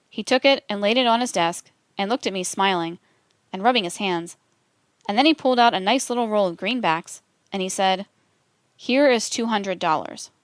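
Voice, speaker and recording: A woman reading a transcript aloud for a documentary in a measured, steady delivery. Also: mid-range voice, smooth, dry recording. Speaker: documentary reader.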